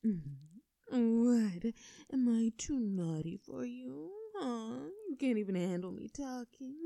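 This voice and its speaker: A woman's voice: a little high, vocal fry, warm tone, dry recording, clean studio sound, full character voice. A woman voicing a bold, crude and taunting young woman in an audio role-play. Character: bold teasing young woman, sister's friend.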